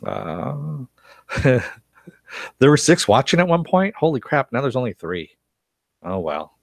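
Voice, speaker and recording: A man's voice: medium pitch, sing-song, a little slow, gravelly, no room sound. A man hosting a casual live-stream recap, reading chat comments aloud, rambling with lots of fillers and chuckles. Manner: rambling, laughs often, many fillers and restarts. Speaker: live stream host reviewing a TV series.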